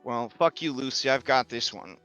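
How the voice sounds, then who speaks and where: A man running a tabletop game as game master, casual and quick with jokes and swearing. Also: medium pitch, fairly bright tone, highs cut off, faint music behind.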